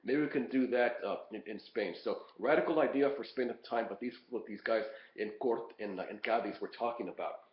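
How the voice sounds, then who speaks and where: A man's voice: mid-range voice, brisk, few pauses. A man lecturing on course readings, talking casually with many fillers, restarts and repeated words. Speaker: college instructor. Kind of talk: lecture recording previewing readings. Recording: echoey, dull lo-fi room recording.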